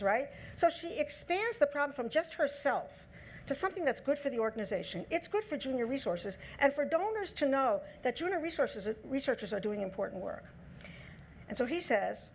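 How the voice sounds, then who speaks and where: A woman giving a lecture on negotiation, lively, acting out the quoted lines in her own voice. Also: a little high, moderate pace, slight background noise. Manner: lively, acts out quoted dialogue in her talk. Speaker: speaker on negotiation. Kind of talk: lecture talk.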